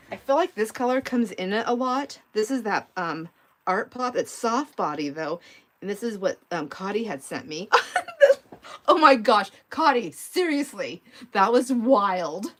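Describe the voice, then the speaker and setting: A middle-aged woman hosting a live art stream, chatting in a rambling way and laughing often as she talks to viewers while she crafts. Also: mid-range voice. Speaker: mixed media art livestream host.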